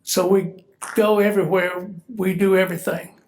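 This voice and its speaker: A man's voice: sits high, little pitch movement, normal speed, slight background noise. An older man with a Southern US accent, a retired military officer giving an easygoing, joking speech at an event while a little stuffy and congested. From Georgia, US.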